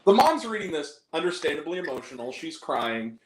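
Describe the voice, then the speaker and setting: A man giving a casual film review, animated, laughing often and acting out scenes in lively quoted voices. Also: fairly high pitch, fairly quick. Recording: echoey room with faint noise.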